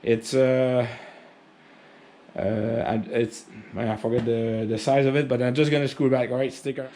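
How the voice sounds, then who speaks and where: A man's voice: mid-range voice, flat delivery, normal speed, warm tone. A man with a French accent explaining tractor upkeep in a chatty, rambling how-to vlog, joking at himself. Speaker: tractor owner showing maintenance.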